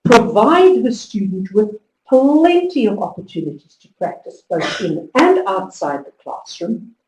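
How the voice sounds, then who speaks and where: A woman giving a conference talk to teachers, telling stories with lively emphasis and driving home instructions. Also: mid-range voice, unhurried. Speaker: conference speaker. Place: conference hall. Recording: echoey hall, distant mic.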